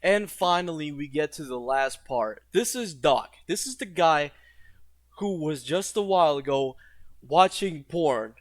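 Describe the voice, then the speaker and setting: A man's voice: on the high side, no room sound. A man giving blunt, profane reaction commentary, ranting and mocking the characters in put-on quotes.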